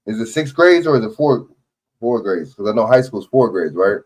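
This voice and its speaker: A man's voice: fairly low pitch, lively intonation, a little fast, a little mellow. A man hosting a live stream, reacting to a news clip in rambling, profane casual chat full of questions.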